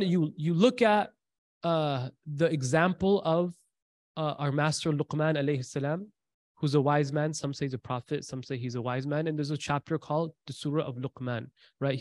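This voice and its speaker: A man giving an informal religious talk, telling stories in a conversational way with fillers and restarts, and breaking into quick recitation. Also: a little high, steady tone, dry recording. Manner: recites scripture in quick chanting bursts. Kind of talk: informal sermon.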